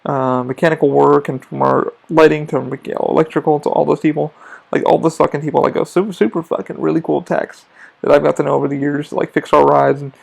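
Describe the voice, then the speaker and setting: A man's voice: on the high side, steady tone, brisk, vocal fry. A man hosting his own podcast, talking as a theme park worker in a rambling, profane, casual monologue that restarts often. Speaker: podcast host.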